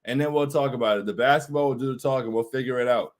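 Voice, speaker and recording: Reading comments from his viewers, a man hosting a casual livestream chat fires back emphatic, slangy, hype-filled answers and keeps repeating phrases. His voice is medium in pitch, and he talks fast.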